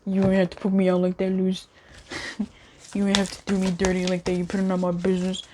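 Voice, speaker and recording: A sulking male spirit grumbles in quick, slangy complaints, voiced by a woman. He sounds put out and offended. The voice stays close to her own everyday tone. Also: mid-range voice, monotone, background noise, natural voice. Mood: sulky.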